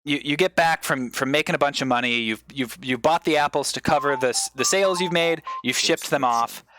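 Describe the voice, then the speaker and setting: A male comedian on a live stream, giving an improvised mock lecture as a rambling explainer with sudden excited bursts. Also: fairly high pitch, a little fast, dry recording.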